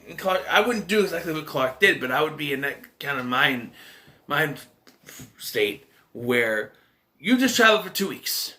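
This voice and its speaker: A man's voice: a little high, bright, forceful tone. A man giving a casual, rambling solo movie review, with many restarts and fillers.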